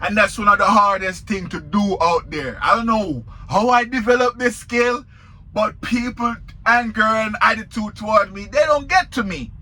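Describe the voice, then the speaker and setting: A man's voice: sits high, moderate pace, bright, forceful tone. A man with a Jamaican accent, a truck driver telling a story in a casual vlog, talking straight to viewers.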